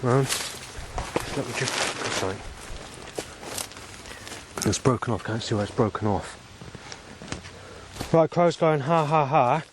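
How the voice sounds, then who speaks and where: A man's voice: mid-range voice, a little hiss or hum. A man vlogging on a walk outdoors by a road, talking in a rambling, agitated and profane monologue.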